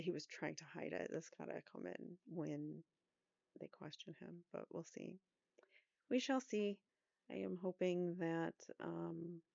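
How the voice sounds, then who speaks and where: A woman's voice: lowish voice, gravelly, a little mellow, dry recording, highs cut off. A woman hosting a true crime commentary channel, talking casually and outspokenly to her viewers. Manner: outspoken, exasperated, chatty.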